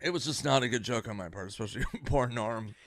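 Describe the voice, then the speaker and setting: A middle-aged man, a comedian, rambling through a self-mocking backstage story and loudly acting out the others in it. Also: medium pitch, fast talker, no room sound, studio quality. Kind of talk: anecdote on a podcast.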